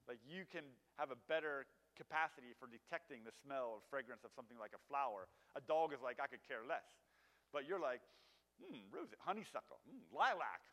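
A man's voice: a little high, fairly bright tone. A man giving a casual sermon, conversational and full of fillers, asking his audience questions. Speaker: preacher. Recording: long hall reverb.

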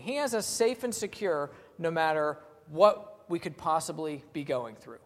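A man preaching a sermon in a plain-spoken, conversational way, reading scripture aloud slowly. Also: high-pitched, animated, big-room sound.

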